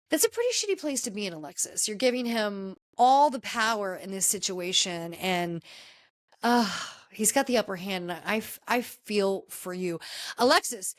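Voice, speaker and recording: A woman hosting a podcast, recapping a reality show in casual, gossipy chat with animated, jumpy delivery. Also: normal speed. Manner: animated, gossipy retelling with sudden pitch jumps. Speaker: podcast host.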